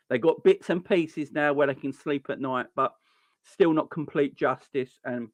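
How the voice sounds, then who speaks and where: A man, hosting a football channel, giving a heated monologue full of repeats and restarts that climbs toward near-shouting. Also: medium pitch, dry recording. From London. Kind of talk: passionate ranting monologue.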